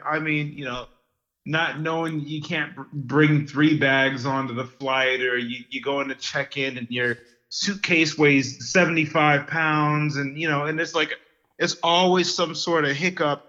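A man telling lively stories in casual podcast chat, getting worked up as he goes. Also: on the high side, normal speed, muffled recording. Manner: animated storyteller who gets worked up.

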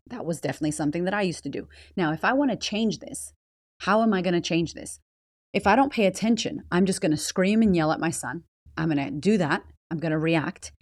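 A woman's voice: deep voice, dry recording, clean studio sound. A woman hosting a motivational podcast, blunt, swearing freely and firing rhetorical questions at the listener. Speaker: podcast host.

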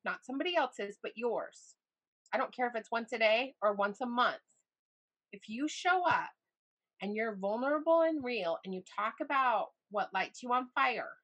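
A middle-aged woman speaks as a podcast guest with a bright, ringing voice set a little high. She tells stories with energy and jumps higher when she acts out what people said. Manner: animated storyteller, voice jumps high in retold moments. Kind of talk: casual interview chat.

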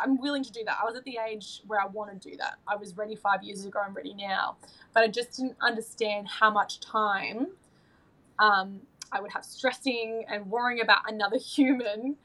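A woman's voice: mid-range voice, bright, forceful tone, poor audio. A woman, chatting as a podcast guest, gushing and emotional, with many restarts and fillers. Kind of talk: casual chat.

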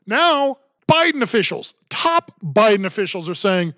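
Man with a high voice, ranting sarcastically through his podcast, dry room. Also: very animated, normal speed, fairly bright tone, no room sound. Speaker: podcast host. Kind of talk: solo political commentary podcast.

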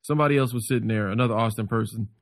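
A comedian on a podcast in casual chat, an animated storyteller who acts out what others said. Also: male voice, medium pitch, very fast, no echo, studio quality.

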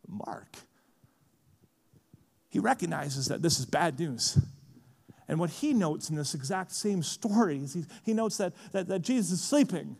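A man preaching a sermon in a casual, animated way, often saying "like", at a conference. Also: high-pitched, moderate pace, creaky, in a large hall. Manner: lively, casual, frequent "like" fillers. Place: large conference hall.

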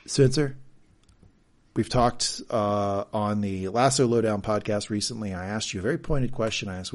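A man's voice: lowish voice, normal speed. A man co-hosting a podcast, recapping a TV episode in casual joking chat and reading quotes in mock voices. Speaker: podcast co-host.

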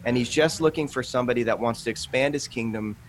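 A man in his late thirties, a guest author on a faith podcast, talking earnestly and telling animated stories with quoted asides. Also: mid-range voice, fast talker, slight background noise. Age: 30s. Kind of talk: conversational interview.

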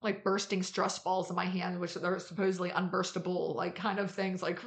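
A woman's voice: lowish voice, fairly even intonation, normal speed. A woman co-hosting a podcast as a surgeon, chatting casually with frequent laughs and lots of fillers. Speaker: podcast co-host, bariatric surgeon.

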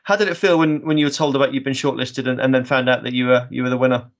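A man's voice: mid-range voice, steady tone, racing. A man asking supportive, rambling interview questions with small restarts. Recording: slightly dull lo-fi audio.

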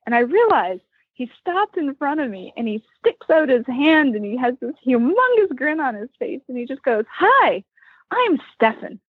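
A woman from Western Pennsylvania tells a story in a chatty, animated way. Her voice is fairly high and a little husky, and the sound is dry. It comes through a narrow, phone-like line. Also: moderate pace, dry recording. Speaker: guest. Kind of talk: casual storytelling interview. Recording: tinny phone line, remote call.

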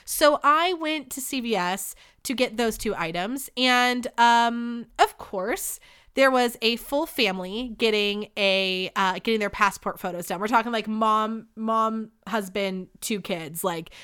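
A young woman hosting her own podcast, talking candidly and with lots of swearing as she tells stories. Her voice sits a bit high and sounds bright and clear. The delivery is quick to swing from animated bursts to low asides. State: sick. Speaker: podcast host. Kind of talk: casual solo podcast storytelling.

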